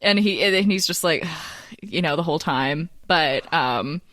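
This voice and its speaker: A woman co-hosting a comedy podcast, excitable and giggly, rambling through casual banter. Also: deep voice, unhurried, no room sound, studio quality. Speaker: podcast co-host. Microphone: headphones with studio mic.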